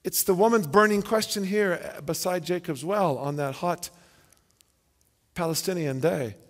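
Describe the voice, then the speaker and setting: Speaking unhurriedly in a high register, a pastor delivers an emphatic sermon, building each point with repetition and rhetorical questions. The recording carries the long reverb of a church sanctuary.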